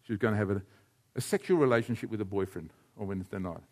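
A man preaching a sermon, telling stories and speaking to listeners by name. He drops to hushed, quiet passages and then rises to loud, shouted climaxes. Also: lowish voice, fast talker. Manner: addresses listeners by name, tells anecdotes.

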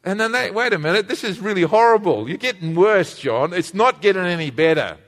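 A man preaching a sermon to his congregation, animated and engaging, calling on them to read along and repeat words. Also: sits high, a little fast, long reverb tail. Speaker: pastor.

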